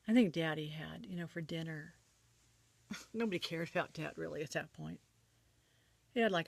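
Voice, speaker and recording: A woman gently telling a personal family story, reminiscing in a soft, often breathy voice. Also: lowish voice, no echo.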